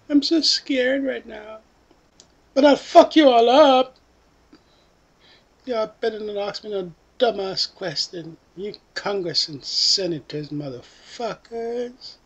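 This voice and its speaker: A high, babyish, whimpering voice swoops up and down as a foul-mouthed witness addresses lawmakers, put on by a woman. The speech wobbles between teary whining and crude threats, all in a mocking parody tone. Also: husky, exaggerated voice. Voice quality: put-on baby voice.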